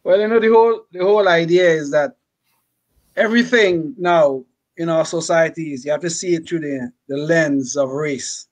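An older man speaks as a panelist on a casual podcast. His voice sits notably high for a man. He talks emphatically and preachily, and he often tags his points with "okay?". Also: moderate pace.

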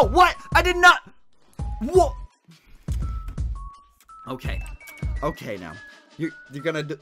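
Young male gaming streamer, high and bright, excitable and stammering, light game music underneath. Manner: excitable, stammering restarts, frequent laughs. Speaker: gaming livestreamer. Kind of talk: live gameplay commentary.

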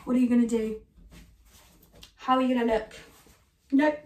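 A woman's voice: fairly high pitch, steady tone, moderate pace, pauses often, slight background noise. Upbeat British woman teaching kids drama. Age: 20s. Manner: upbeat, encouraging, talks straight to children. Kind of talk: online kids' drama class. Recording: echoey room, voice from a distance.

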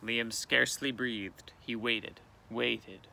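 A male teacher reading a picture book aloud with expressive, dramatic storytelling, outdoors in a canoe. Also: mid-range voice, takes it slowly, creaky, hardly any pauses, no room sound.

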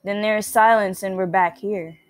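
A woman reading out the lines of an eerie self-aware girl from a computer game, in a soft, low, measured voice. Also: fairly even intonation, dry recording, natural voice. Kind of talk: reading game dialogue aloud.

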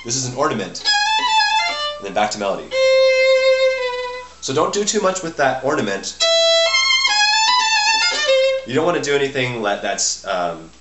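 A man teaching violin, explaining musical phrasing in a halting way and often restarting his sentences. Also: mid-range voice, big pitch swings, over loud music. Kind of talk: instructional explanation between playing. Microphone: camera mic. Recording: echoey room with violin playing.

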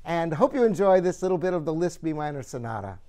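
Man, higher voice with a smooth resonance, enthusiastic store host showing off an instrument. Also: big pitch swings, quick pace, warm tone. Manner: enthusiastic, admiring. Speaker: piano store host and pianist. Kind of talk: product demonstration talk.

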